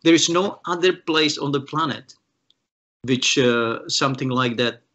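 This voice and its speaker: In an interview, a Czech guest guitarist shares animated stories, imitating the people he quotes and repeatedly restarting his sentences. His voice is mid-range and his pace measured.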